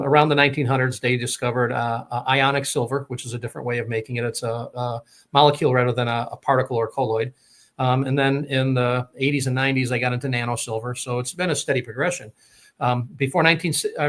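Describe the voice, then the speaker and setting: A man's voice: mid-range voice, steady tone, quick pace, a bit bright. A man telling a long personal story in a rambling way, full of fillers and restarts. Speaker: guest telling his story. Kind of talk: casual storytelling.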